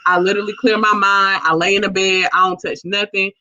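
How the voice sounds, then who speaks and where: A woman guest chatting casually, slangy and animated as she tells stories. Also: mid-range voice, brisk. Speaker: guest entrepreneur. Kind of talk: casual chat. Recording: dull lo-fi sound.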